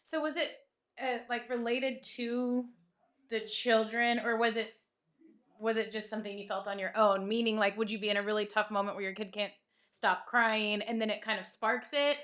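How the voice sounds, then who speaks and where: A woman co-host with a fairly high voice asks careful follow-up questions in a relaxed podcast chat. She listens closely and fills in with agreeing remarks. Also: moderate pace. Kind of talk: casual podcast conversation.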